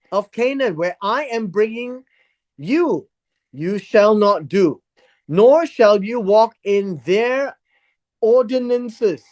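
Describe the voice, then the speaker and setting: A Bible study teacher who reads verses aloud and explains them word by word in an unhurried teaching style. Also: mid-range voice, dull audio.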